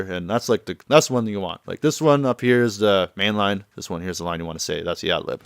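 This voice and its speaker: A man's voice: low voice, brisk, hardly any pauses, smooth, no room sound. A man giving offhand, rambling commentary over gameplay, translating the dialogue as he goes. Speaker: let's play commentator.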